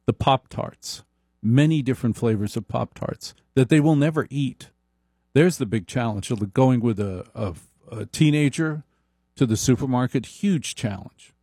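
A man delivering a comic monologue in a slow, deliberate, wry manner. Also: mid-range voice, dark tone, dry recording, studio quality.

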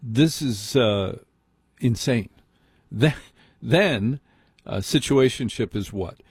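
Husky-voiced male radio host. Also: medium pitch, slow, dry recording, studio quality. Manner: opinionated, conversational, explains with mock dialogue. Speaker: radio talk show host. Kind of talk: talk radio monologue.

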